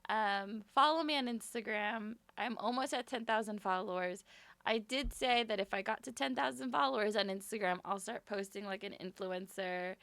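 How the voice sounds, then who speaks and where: A young woman streamer chatting casually and apologetically with her viewers from her bedroom at home, rambling from topic to topic in a brisk work voice. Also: mid-range voice, a bit bright, no echo. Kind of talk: casual live-stream chat.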